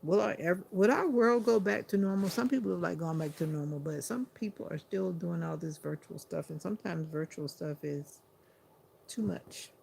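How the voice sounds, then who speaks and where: A sleepy woman hosting a livestream, chatting to viewers in an unhurried, casual way. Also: fairly low pitch, creaky, darkish tone, a little hiss or hum. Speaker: livestream host.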